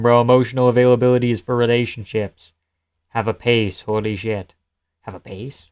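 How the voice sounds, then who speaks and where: A man's voice: mid-range voice, a little fast. A man hosting a live stream who casually comments on fights and reads chat in a loose, joking, profane way and laughs often.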